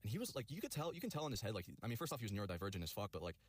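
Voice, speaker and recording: A man tells a long personal story at breakneck speed, swearing constantly and piling up fillers. His voice sits somewhat low. The sound is dry and close to the mic. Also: very animated, slightly rough, no room sound. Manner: rapid, profane, rambling with many fillers. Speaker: vlogger telling a personal story. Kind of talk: rambling storytelling.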